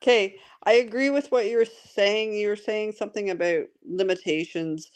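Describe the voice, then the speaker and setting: A woman's voice: medium pitch, normal speed. A woman hosting a casual podcast chat about an online game, rambling and laughing often with lots of fillers. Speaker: podcast host.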